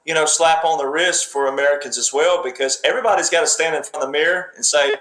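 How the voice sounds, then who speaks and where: A man's voice: a little high, fairly even intonation, fast, a bit bright. A man giving political commentary in an emphatic, lecturing way, repeating himself and talking in fragments. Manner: emphatic, repetitive, speaks in fragments. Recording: roomy echo.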